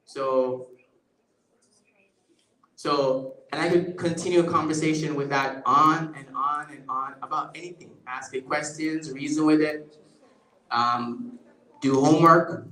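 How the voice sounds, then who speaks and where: A man's voice: a little high, a bit bright. A man giving a conversational public lecture with a live demo, often checking in with the audience. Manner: conversational, keeps checking in with "right?". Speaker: guest lecturer. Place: event space at a museum. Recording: echoey lecture room.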